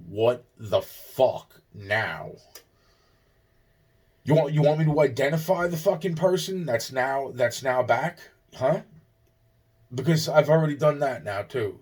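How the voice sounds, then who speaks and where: New guy ranting to the camera, swears a lot, keeps restarting, mid-pitched voice. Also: a little mellow. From Long Island, New York. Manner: agitated, profane, repeats himself, restarts. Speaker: vlogger. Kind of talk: rambling personal monologue.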